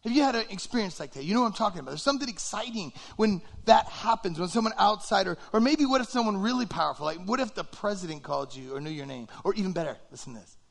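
A pastor giving a conversational, animated sermon, acting out little quoted reactions. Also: male voice, high-pitched, fast talker, creaky, hardly any pauses.

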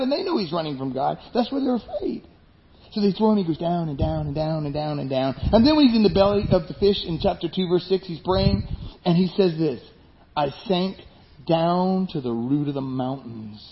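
A man preaching a sermon with emphasis, turning to the congregation with rhetorical questions. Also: sits high. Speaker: pastor. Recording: dull lo-fi sound.

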